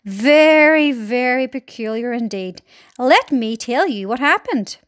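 A woman voicing a boastful, cheeky male centipede in a storybook reading, talking loudly and gleefully. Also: on the high side, expressive, measured pace, dry recording, studio quality.

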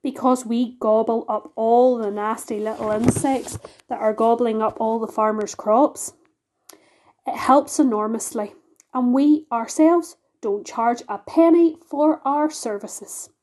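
A woman's voice: on the high side, fairly even intonation, measured pace, a little mellow. A woman voicing a modest but proud female ladybird with a genteel, prim manner.

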